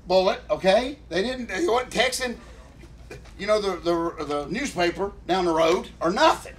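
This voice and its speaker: A man telling a long, emotional story on a podcast, warmly and earnestly addressing his co-host. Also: high-pitched, moderate pace. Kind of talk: rambling casual storytelling.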